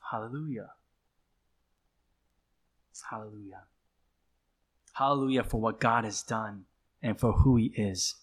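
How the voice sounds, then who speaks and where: A man preaching a sermon as pastor, emphatic and repetitive, driving points home with short repeated calls. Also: medium pitch. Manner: emphatic, repeats phrases, slow deliberate delivery.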